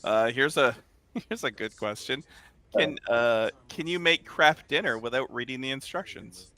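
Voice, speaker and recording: A man's voice: mid-range voice, measured pace, pushed and bright, no room sound. A man from Canada co-hosting a podcast, asking questions in casual banter, often laughing and trailing off into fillers.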